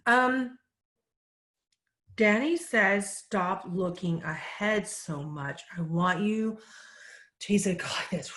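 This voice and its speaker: A woman psychic medium in a casual live question-and-answer session, relaying messages in a calm, measured, gentle way. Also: mid-range voice, roomy sound.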